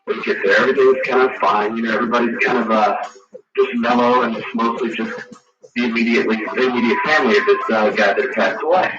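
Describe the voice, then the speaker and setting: A man on a call-in radio show tells a spooky story, stopping and restarting as he hunts for words. His voice sits at a middling pitch and comes across muffled and far from the mic. A roomy echo and loud music run under this old radio recording. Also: steady tone. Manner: halting, rambling storyteller who searches for words. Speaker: caller. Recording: dull, distant, echoey archival radio broadcast with loud music.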